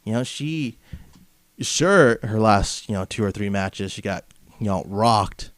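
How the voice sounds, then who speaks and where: Man podcast host, brash mocking rant, smooth clear voice, dry close sound. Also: fairly low pitch, animated, measured pace, dry recording. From Southern California. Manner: brash and mocking, heavy on filler phrases. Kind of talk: comedic wrestling podcast rant.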